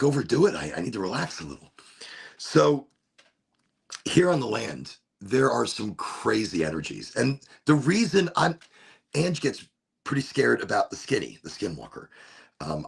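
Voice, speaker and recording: Chatting on his own from a home room with a window cracked open, a podcast host from Florida rambles in a relaxed, casual way and frequently breaks off mid-sentence. He speaks at a medium pitch with vocal fry and a husky quality.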